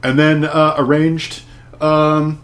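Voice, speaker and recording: A man's voice: fairly high pitch, flat delivery, takes it slowly, a bit bright. A man co-hosting a casual podcast, with dry humor and a hesitant, filler-heavy delivery. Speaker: podcast co-host.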